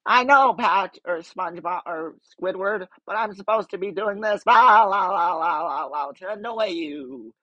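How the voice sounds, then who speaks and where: A man's voice: sits high, unhurried, hardly any pauses, bright, forceful tone, no echo, highs cut off, voice pushed up, heavily acted. A man voicing a cheerful, annoying cartoon sea sponge in a teasing, sing-song manner.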